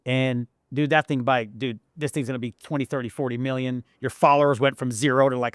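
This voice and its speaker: A man co-hosting a podcast in casual chat, hyped and emphatic, sometimes bursting into shouting. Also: medium pitch, fairly even intonation, fairly quick, few pauses, dry recording, clean studio sound. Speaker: podcast co-host.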